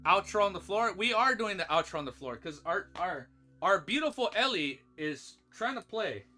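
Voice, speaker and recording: A man's voice: high-pitched, big pitch swings, moderate pace, pushed and bright, faint music behind. A young man streamer rambling casually through his outro from the floor at home, often breaking into playful baby talk with his dog. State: low energy.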